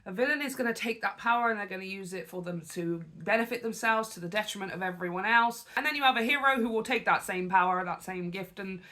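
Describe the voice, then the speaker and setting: A woman hosting reaction commentary as a spiritual coach, talking in an animated, conversational way with preachy asides. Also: mid-range voice, fast talker, hardly any pauses.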